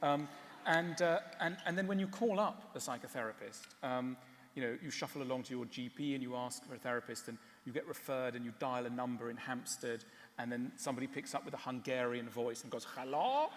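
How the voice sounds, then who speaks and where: A man giving a public talk and answering questions, wry and animated, often stopping on fillers. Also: mid-range voice, brisk, in a large hall, slight background noise. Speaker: speaker. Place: large hall.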